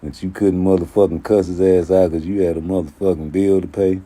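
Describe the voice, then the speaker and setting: Talking fairly quickly in a low voice, this man hosts his own YouTube commentary channel. He rants casually, swearing and telling stories in an animated, streetwise style.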